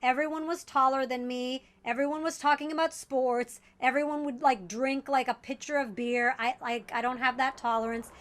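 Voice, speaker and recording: A woman comedian on a talk show panel, telling stories about herself in a quick, self-mocking way. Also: sits high, fairly even intonation. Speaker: comedian co-host. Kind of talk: casual panel chat.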